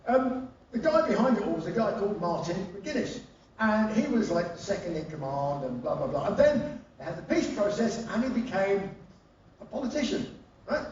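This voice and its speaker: A man's voice: sits high, big pitch swings, moderate pace, darkish tone, slight background noise. A man, a rock singer, telling comic anecdotes live on stage with lots of swearing. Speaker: rock singer giving a spoken-word show. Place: live concert venue. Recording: roomy live hall, distant and dull.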